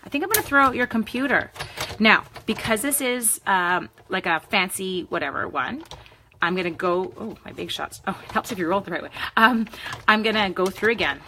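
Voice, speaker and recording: Woman, card-making demo, crisp bright voice, chatty with viewers, faint hiss behind. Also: medium pitch, normal speed. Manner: chatty, talks to live viewers by name. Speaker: crafting demonstrator.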